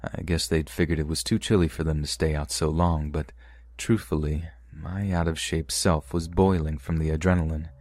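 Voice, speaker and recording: Male podcast narrator, deep low voice, steady measured read of first-person scary stories. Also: dry recording, studio quality. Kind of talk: reading submitted first-person true horror stories.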